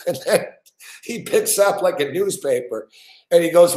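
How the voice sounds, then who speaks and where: A man's voice: fairly high pitch, normal speed, a little mellow, roomy sound. A man co-hosting a sports betting show, telling stories in casual chat, swearing a lot and laughing as he goes. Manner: profane, laughing storyteller.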